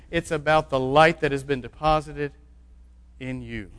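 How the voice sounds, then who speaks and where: A man's voice: on the high side, a little slow, a bit bright, clean tone. Preaching man in a reverberant hall. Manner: preacherly, rising to emphatic declarations. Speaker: pastor. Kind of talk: sermon.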